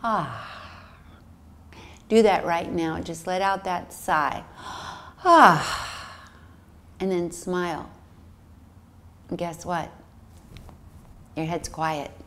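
A woman's voice: on the low side, fairly even intonation, slow pace, long pauses. A middle-aged woman teaching meditation, talking soothingly and demonstrating breaths and sighs aloud. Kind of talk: guided meditation instruction.

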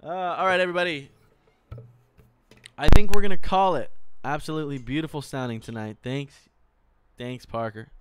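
A young man, a singer, chatting casually with viewers at the end of his live stream in a relaxed, thankful way. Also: a little high, normal speed, slight background noise.

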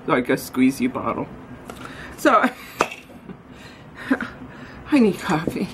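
A deep-voiced woman vlogs casually, rambling and making self-deprecating jokes as she runs errands, then winds up at home. The recording is rough, with a little hiss or hum.

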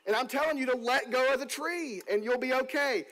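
Preacher doing god calling down from the top, chill and plain, pitched up. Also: male voice, fairly quick, a bit bright, rough recording. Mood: reassuring. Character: God calling down, calm and reassuring.

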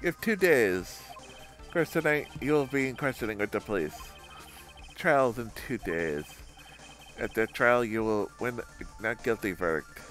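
A man voicing a cold, calculating male kidnapper in a video game, speaking slowly and menacingly. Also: medium pitch, expressive, a bit bright, soft background music. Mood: commanding.

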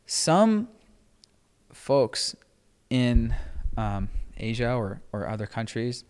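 A man hosting a podcast, talking in a loose, rambling way with many fillers and getting animated as he tells stories. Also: medium pitch, drawn-out words, clean tone, big-room sound. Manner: rambling, heavy filler words, animated when telling stories. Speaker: podcast host. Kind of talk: casual chat.

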